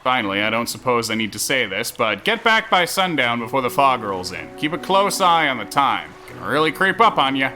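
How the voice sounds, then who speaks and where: A man's voice: medium pitch, very animated, fairly quick, hardly any pauses, sharp tone, soft background music, voice pushed up. A man reading out a game's harbor master in a raised, theatrical, formal voice. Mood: grandiose.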